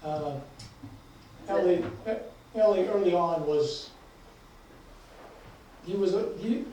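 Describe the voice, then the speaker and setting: A man, an author, talks casually and haltingly about his book at a lecture event. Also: high-pitched, mellow. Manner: hesitant, many fillers. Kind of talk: book talk and reading. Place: lecture hall. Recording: echoey hall, mic from far off, faint noise.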